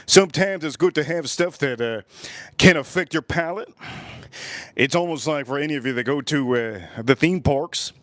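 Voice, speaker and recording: A man's voice: a little high, normal speed, fairly bright tone, dry recording. Rambling middle-aged male livestream host. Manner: rambling, repeats phrases, addresses viewers directly. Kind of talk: casual livestream chat. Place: at home.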